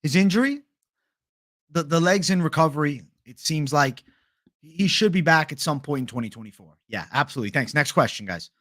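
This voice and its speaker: A man's voice: a little high, animated, brisk, fairly bright tone, no echo, clean studio sound. A man doing an impression of a curt male fight promoter answering press questions.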